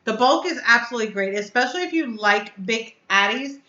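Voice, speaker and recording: A woman's voice: on the high side, expressive, brisk, sharp tone, echoey room, highs cut off. A woman hosting a casual live stream, chatting effusively and answering her viewers' comments aloud. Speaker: vape reviewer hosting a live chat.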